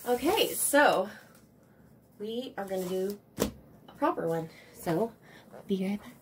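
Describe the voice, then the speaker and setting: A woman vlogger unboxing a package, excitable and quick to swear and laugh. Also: mid-range voice, background noise. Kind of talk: casual unboxing vlog.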